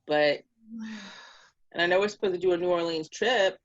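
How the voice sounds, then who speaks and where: A woman's voice: fairly low pitch, moderate pace, highs cut off. A woman co-hosting a casual chat, telling stories with lots of laughter. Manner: laughing, lively storyteller. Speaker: co-host.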